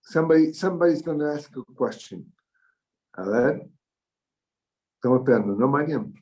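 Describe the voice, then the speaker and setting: Brief: male host of a casual online interview, mid-pitched, quick encouraging interjections. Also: lively intonation, dark tone. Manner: short encouraging replies.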